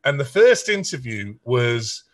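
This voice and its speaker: A middle-aged man with a Sheffield accent, a songwriter telling animated anecdotes in an interview and acting out the people he quotes. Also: medium pitch, unhurried. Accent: Sheffield English. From England. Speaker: songwriter guest. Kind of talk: storytelling interview.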